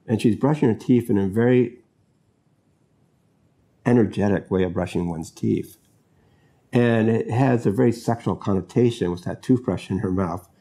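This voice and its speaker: A man hosts his own show and muses about films, circling his thoughts with fillers and restarts. His voice sits low and sounds warm and relaxed. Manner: musing, loose and rambling, many fillers and restarts. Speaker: host. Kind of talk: casual talk about films.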